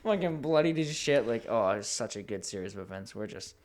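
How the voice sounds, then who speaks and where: Casting: young male podcast co-host, animated, swears a lot, laughs often. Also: on the low side, brisk, background noise. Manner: laughing, profane, animated storytelling. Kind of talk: casual chat.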